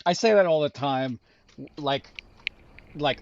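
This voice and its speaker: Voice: mid-range voice, lively intonation, measured pace, dull audio. A streamer chatting casually while playing a game, rambling and joking sarcastically. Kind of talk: casual live game commentary.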